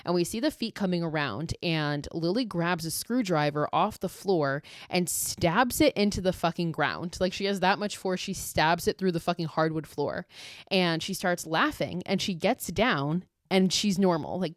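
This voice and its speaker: A young adult woman hosting a podcast, recapping a horror movie in a casual, profane, animated way. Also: lowish voice, normal speed, dry recording, studio quality. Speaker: podcast host.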